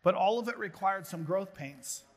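A middle-aged man preaching a sermon to a gathering of pastors, telling animated stories with jokes. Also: sits high, moderate pace. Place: large hall before an audience of pastors. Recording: long hall reverb.

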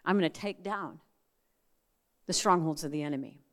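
A middle-aged woman preaching a sermon, telling family stories in a lively way and acting out the voices she quotes. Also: deep voice, normal speed. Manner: animated storyteller, acts out quoted voices.

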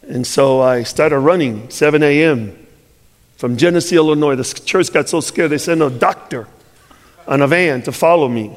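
A man's voice: on the high side, normal speed, big-room sound. Fervent storytelling preacher man. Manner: animated storytelling, acts out dialogue, rising to fervent preaching. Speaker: pastor. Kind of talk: storytelling sermon.

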